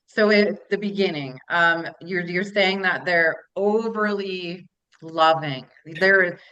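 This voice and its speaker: Bright-voiced woman host. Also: fairly low pitch, slow pace, clean tone, highs cut off. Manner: casual, direct questioning. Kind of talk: interview questions.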